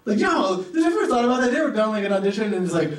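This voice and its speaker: Male club emcee, high voice, loose self-mocking patter, picked up far off in an echoey club. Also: sing-song, very fast. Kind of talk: stand-up hosting and crowd work. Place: comedy club stage. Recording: roomy club sound from a distance.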